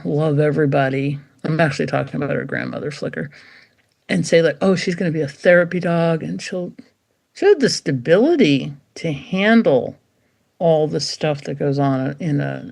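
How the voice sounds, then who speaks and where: A woman's voice: sits low, creaky. A middle-aged woman, a dog trainer, chatting in an interview and acting out what dogs think in playful voices. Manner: animated, acts out dogs' thoughts in playful voices. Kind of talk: casual interview chat.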